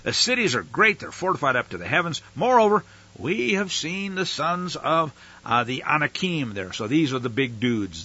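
A man's voice: a little high, pushed and bright, slightly rough, highs cut off. A man teaching from the Bible, reading scripture aloud with dramatic emphasis and breaking in with casual, plain-spoken asides.

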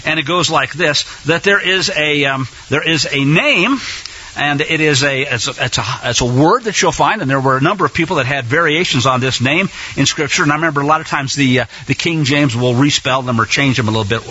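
A man hosting religious talk radio, his voice high-ish, husky and bright. He rambles eagerly, full of fillers and restarts. The sound is dull and lo-fi, like an old broadcast. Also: fairly quick. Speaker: radio host.

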